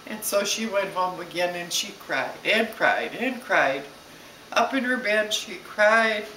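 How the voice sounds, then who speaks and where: A woman's voice: medium pitch, a little slow, slight background noise. Woman telling a kid a story, asks questions as she goes, mic kinda far, echoey room. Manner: expressive, asks the listener questions. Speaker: storyteller for a child. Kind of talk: bedtime-style story told aloud.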